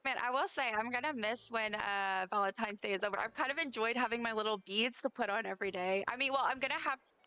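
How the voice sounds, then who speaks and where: A woman streaming a game talks quickly with hardly a pause, her slightly high voice pushed, bright, clear and resonant. She sounds tired yet chatty, rambling and making fun of herself, with soft music in the background.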